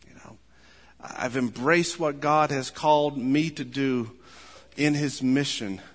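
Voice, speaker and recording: A man preaching a sermon as pastor, rising to fervent, emphatic peaks and dropping back to a quiet, close tone. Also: mid-range voice, big-room sound. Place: church.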